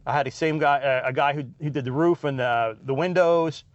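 A man's voice: a little high, brisk, no echo, dull audio. A middle-aged man hosting a podcast, telling rambling stories in a casual monologue and laughing at his own tales while he drives. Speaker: podcast host. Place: in a truck while driving.

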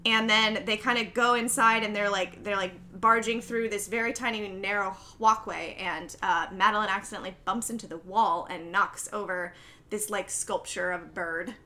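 A woman's voice: medium pitch, fairly even intonation, moderate pace, sharp tone, slight background noise. A young woman recapping a movie in casual podcast chat, giggly and full of fillers. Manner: chatty, giggly, lots of fillers. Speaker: podcast co-host.

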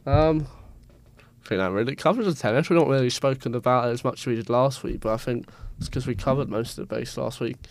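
A man's voice: medium pitch, fast talker, no echo. A man co-hosting a casual sports podcast, rambling and stumbling over player names with self-mocking asides.

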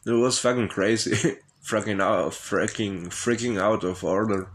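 Slow, low-voiced man rambling candidly. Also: steady tone, a little hiss or hum. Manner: hesitant and profane, with frequent laughs and fillers. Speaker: vlogger telling his life story. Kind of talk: rambling personal monologue.

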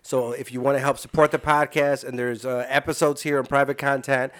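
A young man, a podcast guest, telling profane, animated comedic stories in casual chat. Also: mid-range voice, fairly quick.

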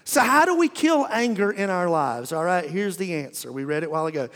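A middle-aged man preaching from the pulpit with a high, light voice that rings out with the long reverb of a church hall. His delivery is folksy and humorous, and he often stumbles and restarts his sentences as he works the room. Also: expressive, brisk, a bit bright. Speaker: pastor. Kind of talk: sermon. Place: church auditorium.

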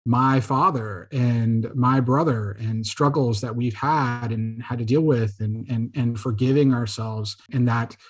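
Podcast guest, male, husky voice, animated anecdotal storyteller. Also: medium pitch, a little slow, few pauses, soft background music. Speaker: guest filmmaker. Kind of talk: casual podcast interview.

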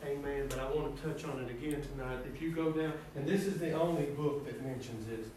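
A man preaching a sermon, sprinkling in "amen" and building to a pleading, fervent pitch. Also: fairly quick, a little mellow, slight background noise. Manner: rising to high, pleading fervor with frequent "amen". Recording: echoey distant room sound.

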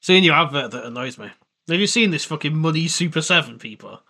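A man hosting a loose podcast chat, his voice sitting fairly high and leaping all over the place as he gets worked up. The tone is bright and forceful, full of swearing and laughter. He rants happily and riffs on his co-hosts. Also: quick pace. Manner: excitable, swearing, laughing, mock impressions. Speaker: podcast host. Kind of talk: casual banter podcast.

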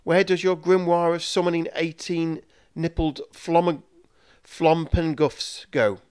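A man's voice: a little high, steady tone, takes it slowly, a little mellow, clean tone, voice pushed up. A man voicing a proud young male mage apprentice who speaks primly and politely.

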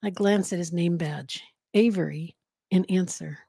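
A woman's voice: lowish voice, moderate pace, a little mellow, breathy edge, no room sound, studio quality. A woman hosting a podcast, reading a novel aloud in a casual way with giggly asides. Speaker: podcast host and reader.

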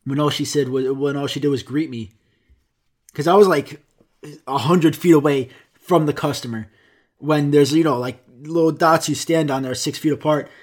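A young American man who grew up speaking Greek tells rambling, profane, self-mocking stories to his viewers in a casual vlog. His voice is fairly high and his speed is normal.

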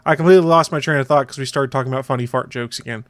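A man hosting a podcast and chatting casually in a relaxed, wry manner. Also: medium pitch, very fast, no room sound. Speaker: podcast host. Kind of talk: casual chat.

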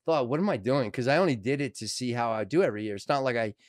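A man's voice: medium pitch, fast talker, no echo, clean studio sound. A middle-aged man, an actor telling a story as a podcast guest in casual conversation, acting out what people said and swearing freely. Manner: animated, acts out quotes with swearing.

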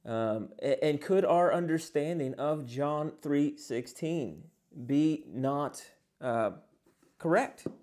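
A man teaching as a pastor in an earnest sermon, pausing often on fillers and posing many rhetorical questions. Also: on the high side, lively intonation, darkish tone.

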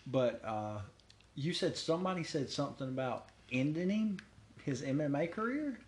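Blunt, lively-voiced man swearing. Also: fairly high pitch, moderate pace. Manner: blunt, crude, swears freely. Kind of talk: casual chat.

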